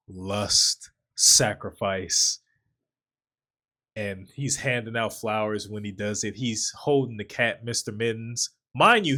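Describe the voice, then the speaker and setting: A man's voice: on the low side, fairly bright tone. A man co-hosting a casual film review chat, retelling the plot with energy, acting out character lines and laughing often.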